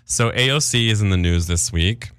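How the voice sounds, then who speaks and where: A man's voice: fairly low pitch, moderate pace, a bit bright, smooth, dry recording. A man co-hosting a podcast, chatting casually with lots of fillers and easy laughter. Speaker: podcast co-host. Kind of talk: casual chat.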